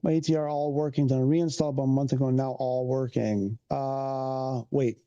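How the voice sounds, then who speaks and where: A man's voice: medium pitch, flat delivery, moderate pace, warm tone, smooth, muffled recording. A man from Canada, chatting casually on a livestream, rambling and restarting as he answers viewers' questions. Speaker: streamer.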